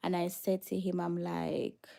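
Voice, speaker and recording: A woman's voice: on the low side, monotone, measured pace, creaky, dark tone. A Jamaican woman hosting a casual livestream, chatting with viewers and slipping into patois. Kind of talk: casual livestream chat, reading viewer comments.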